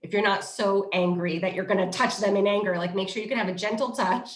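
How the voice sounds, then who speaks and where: A middle-aged woman, a positive discipline trainer, giving casual parenting advice in an animated way. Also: mid-range voice, fast talker. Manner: animated storyteller who acts out quoted voices. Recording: roomy echo.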